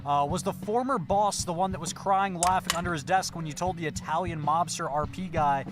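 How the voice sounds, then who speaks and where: A man's voice: sits high, a little fast. A man co-hosting, reading chat messages aloud and asking questions in casual chat.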